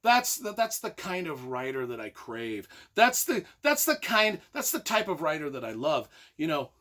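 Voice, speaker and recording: A man giving an excited, casual book review, rambling and repeating himself, now and then breaking into loud emphatic bursts. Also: a little high, normal speed.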